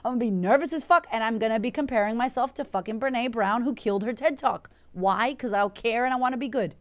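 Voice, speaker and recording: This is a woman from Puerto Rico running an Instagram live as a confidence coach, and her voice sits a little higher than most. She talks in a brash, energetic way and swears freely. She reads out viewer comments and answers them on the spot. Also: fast talker. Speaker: confidence coach and podcast host.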